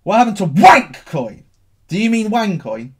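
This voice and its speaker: Animated man hosting a stream. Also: high voice, unhurried, husky. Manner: animated and cheeky, swinging between loud bursts and mutters. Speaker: crypto livestream host. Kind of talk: casual livestream chat, answering viewer questions.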